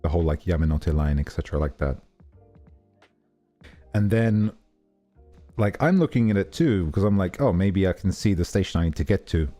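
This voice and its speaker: A man's voice: low-pitched, moderate pace, long pauses, warm tone, faint music behind. A man streaming casually, telling a rambling story full of fillers and self-corrections. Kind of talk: casual livestream chat.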